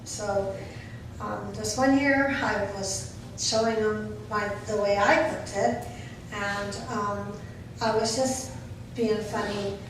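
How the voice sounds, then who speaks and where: A woman's voice: mid-range voice, steady tone, takes it slowly. An older woman speaking at a memorial service, telling fond stories about a late friend. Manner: warm storytelling with fond laughs. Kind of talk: eulogy. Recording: echoey hall from far off, noisy.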